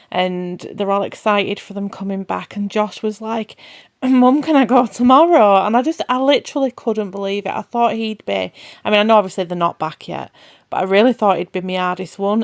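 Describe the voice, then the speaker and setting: A woman's voice: medium pitch, dry recording. A woman, chatting casually to her phone camera for a family vlog, rambling and laughing often. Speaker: family vlogger. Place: car, then home bathroom.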